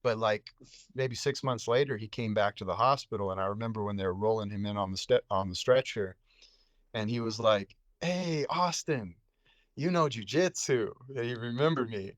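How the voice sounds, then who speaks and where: A man tells a story casually as a podcast guest, in a relaxed, slangy manner full of fillers. His voice sits somewhat low and sounds dry and close. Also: brisk, no room sound. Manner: laid-back slang, many fillers like "dude" and "bro". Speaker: podcast guest, psychiatric nurse.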